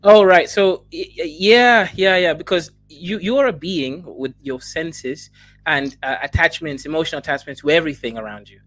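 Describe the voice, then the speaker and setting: A man's voice: a little high, moderate pace, fairly bright tone, no echo. A man on a live-stream panel who needles others on purpose and stammers as he starts his points. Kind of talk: provocative live-stream debate.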